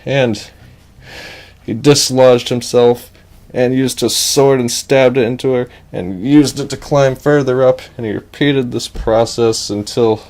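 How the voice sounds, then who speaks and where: Man, mid pitch, improvised comic narration, rambling and offhand. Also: fairly even intonation, a little slow, a little mellow. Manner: rambling and offhand, with asides and restarts. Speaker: storyteller.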